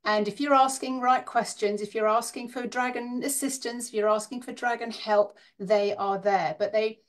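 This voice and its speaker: A woman's voice: a little high, fairly even intonation, moderate pace. A woman interviewed as a guest, speaking frankly and conversationally with a light laugh. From Scotland and northern Britain.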